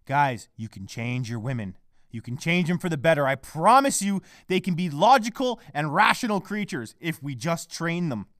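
A man hosting his own podcast delivers a heated, swear-filled rant, his voice a little high, very animated and fairly bright at a moderate pace. He records at home on a laptop microphone, and the result is dry and clean, like a studio.

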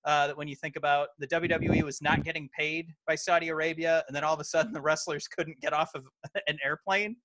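A man co-hosts a casual wrestling podcast, his fairly high voice level in tone, a little fast and a bit bright. He sounds hesitant, with lots of fillers and restarts. The recording has no echo.

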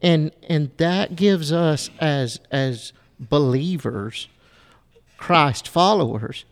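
Slow, halting Christian talk host. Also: male voice, fairly high pitch, in a large hall. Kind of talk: casual faith conversation.

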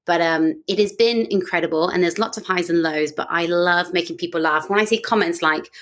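A woman's voice: on the low side, a little fast, fairly bright tone. A young British woman with a British accent, chatting as a podcast guest and telling stories in a breezy, self-mocking way. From Britain. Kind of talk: casual podcast chat.

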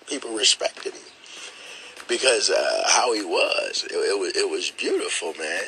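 A middle-aged man hosting his podcast, speaking in a halting, emotional way, repeating words and often saying "man" as he holds back tears. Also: low voice, lively intonation, pushed and bright, slight background noise, low-quality recording. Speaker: podcast host. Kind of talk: emotional spoken dedication.

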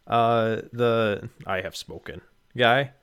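A man chatting casually as a co-host, an animated storyteller. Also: mid-range voice, takes it slowly, smooth. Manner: animated storyteller, acts out quotes. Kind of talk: casual chat.

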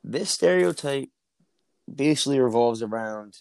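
A man's voice: mid-range voice, animated, measured pace, creaky, a little mellow, clean tone, dry recording. A man from New Jersey, a podcast guest, telling stories in casual chat with restarts and easy laughs, recorded at an outdoor barbecue on earbuds. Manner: storytelling, restarts, laughs easily.

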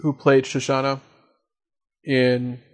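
Speaking slowly in a medium pitch with an entirely flat delivery, a man hosts an informal podcast. He keeps the conversation moving and directs questions at his co-hosts.

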